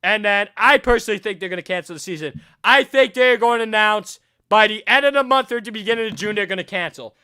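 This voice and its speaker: A man hosting a sports talk show, giving his opinions in an animated way and rising to near-shouts when worked up, often correcting and repeating himself. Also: high voice, fast, hardly any pauses, clean tone. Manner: self-correcting, repeats phrases.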